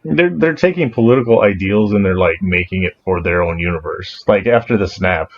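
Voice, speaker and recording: Casting note: man, podcast co-host, low voice, rambling and profane, dull lo-fi recording with faint hiss. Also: a little fast. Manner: rambling and profane, with animated asides. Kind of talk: casual chat. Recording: dull lo-fi sound with faint noise.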